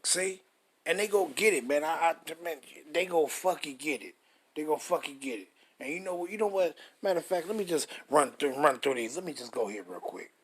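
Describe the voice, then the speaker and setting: Husky man fiercely preaching over scripture. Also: fairly high pitch, expressive. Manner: profane and combative, reads verses slowly and forcefully. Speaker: scripture commentator. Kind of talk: reading scripture with heated commentary.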